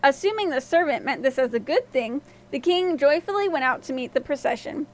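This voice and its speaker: A woman with a high voice narrates a fairy tale for a podcast. Her reading is expressive and lively, moving the story along. It is scripted storytelling narration. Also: a little fast.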